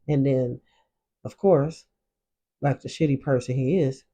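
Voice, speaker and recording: A man's voice: medium pitch, steady tone, a little slow, very noisy. A man casually recapping drama episodes in loose, slangy storytelling, acting out the characters' lines as he goes. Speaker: show reaction host.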